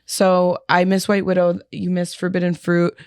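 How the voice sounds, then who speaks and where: A woman's voice: lowish voice, monotone, moderate pace, a little mellow, clean tone, no room sound, clean studio sound. A young woman co-hosting a podcast in a laid-back casual chat, laughing often and using many fillers. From New York area. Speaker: podcast co-host.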